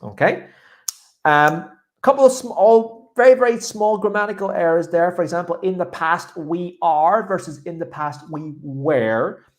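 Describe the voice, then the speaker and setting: A man's voice: high voice, a little slow. Male English teacher giving speaking feedback. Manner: encouraging, corrects pronunciation by modelling words. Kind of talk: feedback after a mock speaking test.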